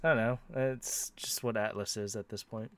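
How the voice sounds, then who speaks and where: A man's voice: lowish voice, steady tone, normal speed, a bit bright, clear, resonant tone. A man co-hosting a podcast, playfully reading out listener questions and laughing often. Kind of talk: casual chat.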